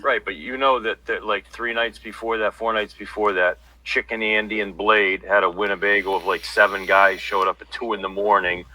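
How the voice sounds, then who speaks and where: A man's voice: lowish voice, little pitch movement, moderate pace, few pauses, sharp tone, no echo, low-quality recording. A man talking bluntly and at length as an interview guest, passing on inside gossip in casual livestream chat. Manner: blunt, rambling insider talk.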